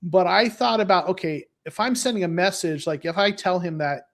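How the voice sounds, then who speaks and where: A man's voice: sits high, normal speed, a bit bright. A man talking as a football fan guest, rambling with lots of restarts and fillers. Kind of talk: casual podcast chat.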